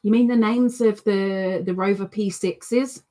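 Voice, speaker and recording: A woman's voice: medium pitch, steady tone, a little slow, dark tone. A woman hosting a casual live stream, reading chat messages aloud in a chatty, teasing way. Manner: chatty, teasing, playful sing-song asides. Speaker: livestream host reading chat.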